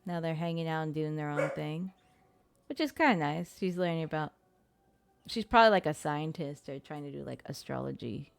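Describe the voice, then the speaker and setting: Low-voiced woman streamer narrating a game. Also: normal speed, gravelly. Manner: chatty, swearing, laughing at her own struggles. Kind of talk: casual gameplay commentary. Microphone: streaming mic.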